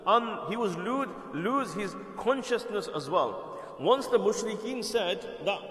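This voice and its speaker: A man's voice: high voice, lively intonation, measured pace, fairly bright tone. A man telling a religious story in a conversational lecture style, repeating words and checking in with his listeners. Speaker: Islamic preacher. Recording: echoey hall with long reverb.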